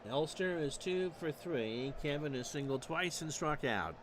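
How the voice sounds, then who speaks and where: A man's voice: a little high, animated, noisy background. Stat-heavy male baseball announcer. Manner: measured, stat-heavy, dry asides. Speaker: play-by-play announcer. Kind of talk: replay baseball commentary.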